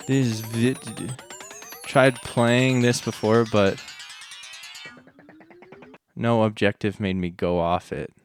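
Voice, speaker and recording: A man chatting casually with viewers on a live stream, rambling and self-deprecating. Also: fairly low pitch. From United States.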